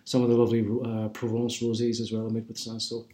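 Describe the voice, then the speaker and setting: A man's voice: medium pitch, monotone, quick pace, warm tone. A man with a Scottish accent talks casually at home as a wine and film vlogger, rambling with many fillers and restarts. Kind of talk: casual chat. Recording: roomy echo.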